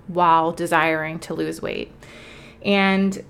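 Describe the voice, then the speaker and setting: Young woman, podcast host, chatty, emotional, heartfelt, lowish voice. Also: a little slow, gravelly, clear, resonant tone. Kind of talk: casual solo podcast talk.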